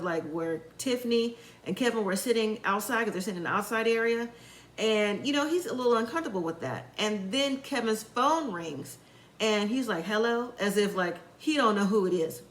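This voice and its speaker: A woman's voice: a little high, expressive, moderate pace, a bit bright, reverberant, poor audio. A woman giving a casual, opinionated recap of a reality show, acting out what the people said. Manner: chatty, opinionated, acts out quotes.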